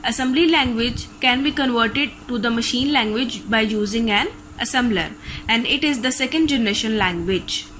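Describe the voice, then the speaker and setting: A woman's voice: on the high side, normal speed, fairly bright tone, slight background noise, poor audio. A woman teacher with a Pakistani accent, reading a recorded class lecture steadily from textbook notes.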